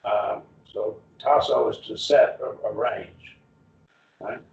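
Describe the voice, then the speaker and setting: A man's voice: fairly low pitch, vocal fry. A man teaching a Bible class on a Greek text, explaining step by step and quizzing his students. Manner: explains slowly, quizzing students, many restarts. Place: church classroom. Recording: roomy, muffled class recording.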